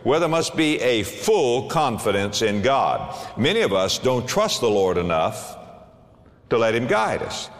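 A man preaching a sermon to a congregation, animated, with big swings and emphatic bursts. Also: a little high, in a large hall. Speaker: pastor.

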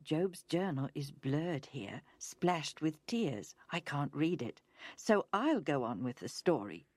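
A woman narrating a Bible story gently and expressively, in a scripted storybook reading. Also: low voice, lively intonation, slow, dry recording. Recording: narration over music.

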